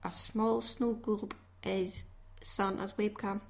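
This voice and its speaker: A woman's voice: medium pitch, little pitch movement, slow pace. A Scottish woman hosting a craft podcast in a chatty, laughing way. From Scotland. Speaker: podcast host. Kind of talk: casual chat.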